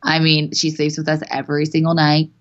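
A young woman talks as a podcast guest, chatty and quick to laugh, dropping the odd swear word. Her voice sits a little low. The recording sounds dull and lo-fi. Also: completely flat delivery. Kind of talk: casual chat.

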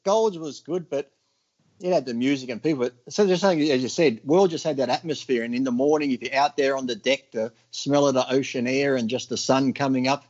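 A man telling gym stories in casual chat, acting out other people's lines in loud bursts. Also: mid-range voice, fairly quick, lo-fi sound. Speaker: podcast guest.

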